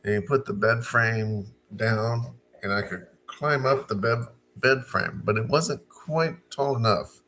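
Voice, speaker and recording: Slow, bright-voiced man telling a story. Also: mid-range voice. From Arkansas. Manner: unhurried, halting with fillers and restarts. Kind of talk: casual storytime monologue.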